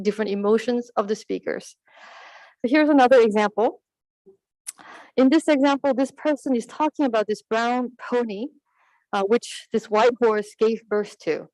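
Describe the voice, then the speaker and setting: A woman's voice: mid-range voice, a little mellow, dry recording, low-quality recording. Woman giving a dry academic talk. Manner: explanatory, with fillers and self-corrections. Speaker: conference presenter. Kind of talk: academic conference presentation.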